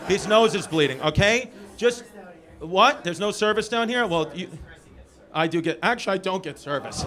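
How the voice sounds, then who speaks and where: A male stand-up comedian doing loose, profane crowd work, teasing people in the front rows. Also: sits high. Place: small comedy club. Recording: live club with loud crowd laughter.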